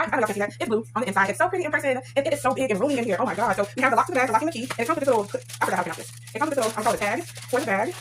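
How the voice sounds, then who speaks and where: A woman talks very fast through an unboxing. Her voice sits a little high, and she fills her chatter with fillers and calls of "y'all". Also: rough recording. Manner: chatty, excited, many fillers, says "y'all". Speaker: vlogger. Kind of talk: casual unboxing vlog.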